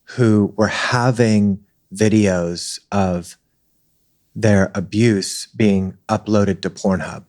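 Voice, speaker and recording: A man's voice: on the low side, fairly even intonation, drawn-out words, darkish tone. A man hosting an interview, asking long, earnest, rambling questions. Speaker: interview host.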